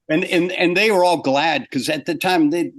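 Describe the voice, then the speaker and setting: An older man, a former animator, telling a story in an interview, acting out what people said and laughing as he goes. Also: fairly high pitch. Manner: animated, acts out quotes, laughs often.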